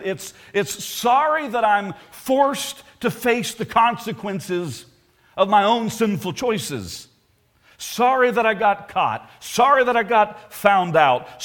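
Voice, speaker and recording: Emphatic preacher man with lively pitch. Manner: emphatic, rhetorical questions to congregation. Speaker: pastor. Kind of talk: sermon.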